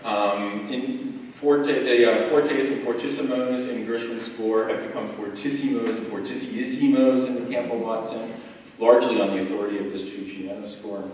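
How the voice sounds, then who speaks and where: A man's voice: fairly low pitch, a little mellow, slight background noise. A man on a music panel explaining an edition in a thoughtful lecture style, with many ums and restarts. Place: large echoey hall. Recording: echoey hall recording from far off.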